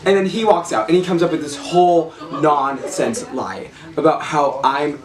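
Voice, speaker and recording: A man's voice: fairly high pitch, moderate pace, reverberant, far from the mic, crowd noise. A man telling his side of a story in a comic mockumentary interview, indignant and full of slang. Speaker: interviewee in a mock documentary.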